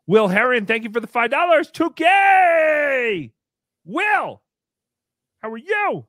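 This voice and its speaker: A man hosting a comedic livestream, thanking members in a goofy, animated manner. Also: very high-pitched, slow, no room sound, clean studio sound. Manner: goofy, animated, swinging between squeals and mumbles. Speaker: livestream host. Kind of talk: comedic live-stream chat.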